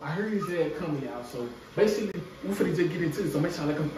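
Young man, prank vlogger, slangy, swearing, lively pitch, echoey distant room. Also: rapid-fire. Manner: slangy, swearing, addresses viewers as y'all. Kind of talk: casual prank vlog. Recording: echoey room from far off, loud noise.

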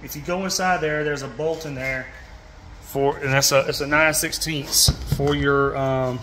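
His voice is fairly high, steady, and sharp, paced in a measured way, with a little hiss or hum behind it. He's a fishing channel host from Georgia, folksy and Southern-accented, casually demonstrating a repair with plenty of "y'all," fillers, and restarts.

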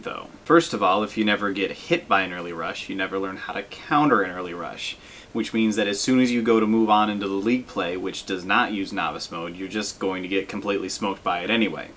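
A man's voice: on the low side, a little hiss or hum. A young man giving casual, self-deprecating commentary over gameplay as a gaming video host. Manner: relaxed, self-deprecating, frequent fillers.

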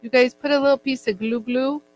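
A woman's voice: sits high, fairly even intonation, fairly quick, a little mellow, poor audio. A woman teaching jewelry making in a casual, chatty way, joking with her crew as she works. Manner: chatty, jokey, laughs often. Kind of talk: casual demo chat. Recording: faint mains hum.

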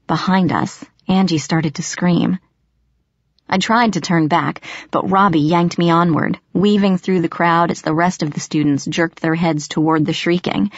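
A woman reading a first-person audiobook with steady, expressive storytelling. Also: fairly low pitch, no room sound, lo-fi sound. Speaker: audiobook narrator.

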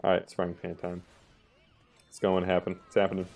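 A man giving live gameplay commentary, excitable and quick to exclaim and laugh. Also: low-pitched, gravelly, soft background music. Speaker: gaming channel host.

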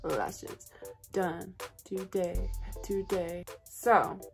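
A woman's voice: lowish voice, fairly even intonation, extremely slow, vocal fry, soft background music. A tired woman talking casually through a shopping haul vlog at home, chatty and full of \"like\". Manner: chatty, filler-heavy, \"like\" constantly. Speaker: haul vlogger and mother.

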